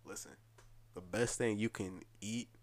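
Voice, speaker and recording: A young man co-hosting a podcast, telling food stories in animated slang with mock emotion. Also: on the low side, a little slow, slight background noise. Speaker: podcast co-host. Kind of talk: casual chat.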